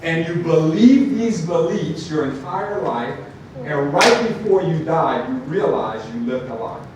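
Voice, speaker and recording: A man's voice: a little high, a little slow. Man speaking in an echoey hall. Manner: storytelling, animated, many asides like "right?". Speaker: motivational speaker. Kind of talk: live talk to an audience. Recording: echoey hall from far off, noisy.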